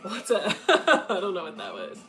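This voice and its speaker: Blunt, laughing twenties woman, casual candid chat, mid-pitched, guitar music under her. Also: huge pitch swings, normal speed, bright, forceful tone, rough recording. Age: 20s. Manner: blunt, profane, frequent laughter. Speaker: content creator answering questions.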